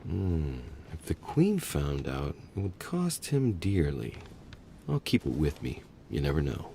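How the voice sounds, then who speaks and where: A deep, composed young aristocrat. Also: male voice, huge pitch swings, unhurried, gravelly, warm tone, a little hiss or hum, full character voice. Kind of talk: video game voice acting.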